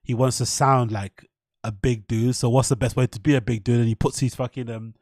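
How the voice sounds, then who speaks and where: A man's voice: medium pitch, fairly even intonation, fairly quick, a little mellow, no room sound. A man hosting a solo podcast, commenting on clips in a mocking, sarcastic way and swearing freely. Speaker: podcast host. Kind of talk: rambling commentary over clips.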